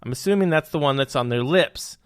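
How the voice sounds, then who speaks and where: Young man, podcast host, comedic news commentary, slightly high voice, dry close sound. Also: brisk, clean tone, no echo. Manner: jokey, punning, hyped asides.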